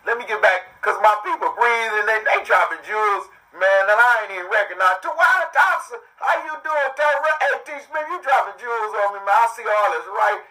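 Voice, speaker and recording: A man's voice: high-pitched, brisk, hardly any pauses, bright, forceful tone, recorded from a distance, rough recording. A man hosting his own podcast, talking live in a loose, profane, joking way that drifts from topic to topic. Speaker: podcast host. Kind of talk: rambling live monologue.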